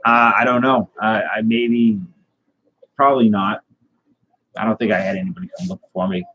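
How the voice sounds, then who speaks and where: A man telling a tall tale in a rambling, deadpan way, with many fillers and restarts. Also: lowish voice, normal speed, a little hiss or hum, rough recording. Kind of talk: casual tall-tale storytelling.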